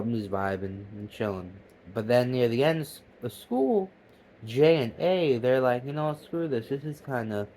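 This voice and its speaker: A man's voice: medium pitch, slight background noise, low-quality recording. A young man vlogging at home, telling a rambling story with lots of swearing and stammered restarts. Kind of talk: casual storytelling.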